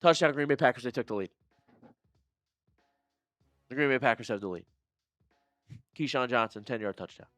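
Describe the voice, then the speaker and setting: A male fan streamer with a bright, crisp voice gives live play-by-play commentary at a watch party, swinging from excited shouts to low, disgusted muttering. He speaks at normal speed with long pauses, no echo, and faint music in the background.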